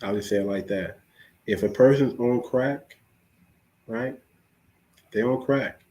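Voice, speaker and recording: A male podcast host who talks like a street preacher, urging his listeners on and repeating each phrase for weight. His voice is pitched in a middle range, with nothing unusual to it. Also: slow, mellow. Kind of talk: casual preachy podcast talk.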